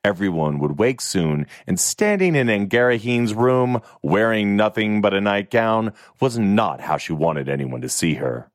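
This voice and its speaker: A man narrating a fantasy novel in an expressive, even storytelling manner. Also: fairly low pitch, unhurried, hardly any pauses, dry recording, studio quality. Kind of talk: audiobook narration.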